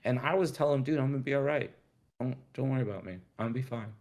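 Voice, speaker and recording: A man's voice: medium pitch, racing, darkish tone. A man from Rhode Island telling a story as a guest in a casual chat, laid-back and swearing freely while acting out the dialogue.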